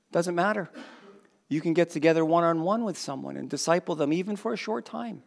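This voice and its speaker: A man's voice: fairly high pitch, moderate pace, vocal fry. A man preaching a sermon to a congregation in a conversational way, joking with people in the front rows. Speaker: pastor.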